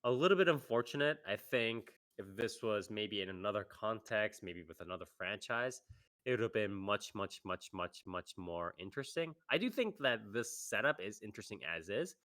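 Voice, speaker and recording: A man's voice: fairly low pitch, lively intonation, normal speed, a bit bright. A man co-hosting an anime podcast, giving a casual, hedging review and laughing often between points. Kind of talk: casual review chat on a live stream.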